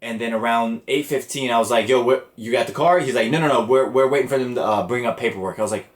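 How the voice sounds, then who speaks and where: A man's voice: mid-range voice, quick pace. A young man hosting a podcast, telling a story casually and with a lot of swearing. He sounds exasperated as he acts out the conversations. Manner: animated, profane, exasperated retelling with quoted dialogue. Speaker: podcast host. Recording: roomy echo.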